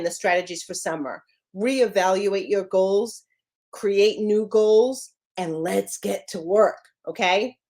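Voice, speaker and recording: A middle-aged woman business coach giving an energetic, emphatic motivational talk in a casual way, with some mild swearing. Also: medium pitch.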